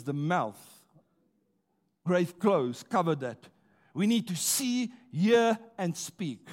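A man preaches in a church with a notably high voice. He rallies the congregation with call-and-response and stretches out his key words. His delivery is rousing and emphatic. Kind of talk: sermon.

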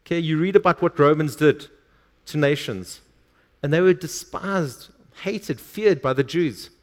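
A man's voice: a little high, measured pace. A male pastor preaching a sermon, reading scripture aloud and stressing words emphatically.

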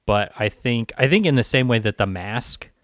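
A man's voice: mid-range voice, lively intonation, moderate pace, a bit bright, dry recording, clean studio sound. A man co-hosting a podcast, laid-back and swearing casually while discussing a movie. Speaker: podcast co-host. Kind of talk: casual movie review chat.

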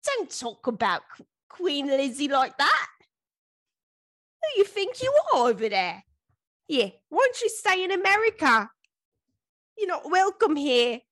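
A woman's voice: high voice, sing-song, unhurried, pauses often, fairly bright tone, voice pushed up, full character voice. A woman putting on an indignant person, scolding in a huffy, mocking way.

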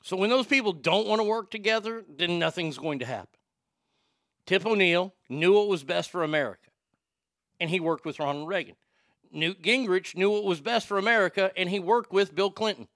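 A man's voice: high-pitched, moderate pace, a bit bright, no room sound, studio quality. A man hosting casual political commentary, blunt and profane, reacting to viewer comments. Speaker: political commentary host reading chat.

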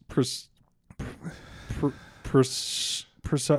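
A man's voice: a little high, drawn-out words, no room sound, clean studio sound. Rambling, laughing young man. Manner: rambling, stumbles over words, laughs often, swears. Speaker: podcast co-host. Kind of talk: casual chat.

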